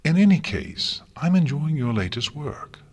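A man voicing a gentle, stately female pony princess in a fanfiction reading, calm and husky. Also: fairly high pitch, a little slow, voice pushed up, exaggerated voice. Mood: calm, fond. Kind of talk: audiobook reading.

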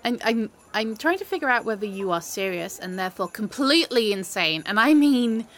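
Woman acting as a sarcastic christmas-hating girl, high voice, dramatic and mocking, audio role-play. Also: expressive, a little fast, fairly bright tone. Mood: exasperated. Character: grumpy sarcastic young woman who hates Christmas.

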